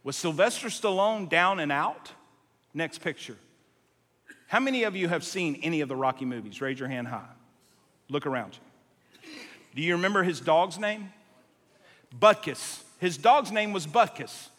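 A man's voice: fairly high pitch, normal speed, pauses often. A man preaching a sermon to a live congregation, telling a story animatedly and jumping between tangents. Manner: animated, jumps between tangents, acts out quotes. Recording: long reverb of a large hall.

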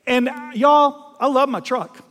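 A middle-aged man from South Louisiana, preaching a storytelling sermon in a folksy, animated way, acting out voices and laughing at himself. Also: very high voice, takes it slowly, long reverb tail.

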